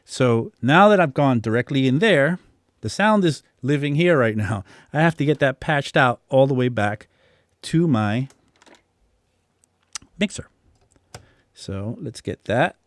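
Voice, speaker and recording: A man teaching music production in a relaxed, casual demonstration, thinking aloud with frequent restarts. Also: mid-range voice, measured pace, long pauses, no echo, clean studio sound. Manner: reads chat comments aloud. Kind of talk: casual live-stream demonstration. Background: synthesizer tones.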